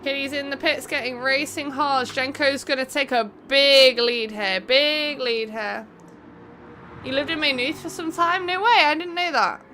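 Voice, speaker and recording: Bright-voiced English woman streaming a race. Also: high voice, a little hiss or hum. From England. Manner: chatty, quick race commentary, greets viewers by name. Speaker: streamer hosting an online racing event. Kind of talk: live game stream commentary.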